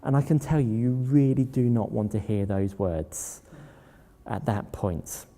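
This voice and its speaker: Speaking a little slowly with a dark tone at medium pitch, this man tells personal stories during a talk in plain, anecdotal fashion. A long reverb from the hall hangs over the recording.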